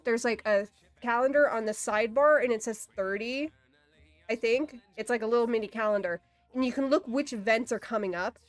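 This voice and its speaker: A woman's voice: fairly high pitch, no room sound. A woman livestreaming in casual, rambling chat, swearing easily and saying "like" a lot.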